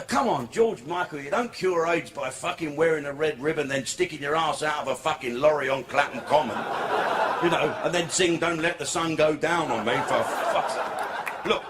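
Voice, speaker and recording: A man doing a crude, provocative stand-up routine in a comedy club. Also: a little high. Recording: comedy club with crowd noise.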